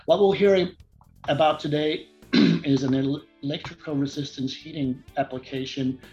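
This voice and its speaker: A man hosting a technical interview, introducing guests and asking courteous, measured questions. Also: mid-range voice, darkish tone, dull audio. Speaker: host.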